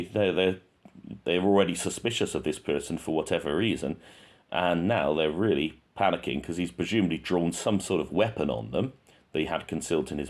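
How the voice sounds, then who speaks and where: A man hosting a true crime channel, talking casually and thinking aloud with frequent restarts. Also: deep voice.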